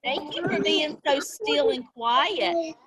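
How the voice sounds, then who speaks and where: A high-pitched woman teaches a class of young children over a video call. She takes her time, drawing words out in an encouraging sing-song. Little gasps of delight punctuate her questions. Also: slow, a crowd in the background.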